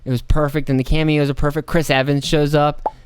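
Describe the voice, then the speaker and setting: A man's voice: on the high side, level tone, fairly quick, smooth, no echo, studio quality. An American man hosting a casual solo podcast, rambling and profane, slipping into mocking put-on voices. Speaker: podcast host.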